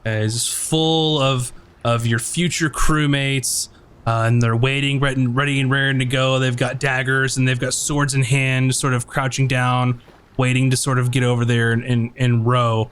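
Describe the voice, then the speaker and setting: A man's voice: medium pitch, flat delivery, normal speed, a bit bright, clean tone. A man narrating as game master of a tabletop game, rambling with many fillers.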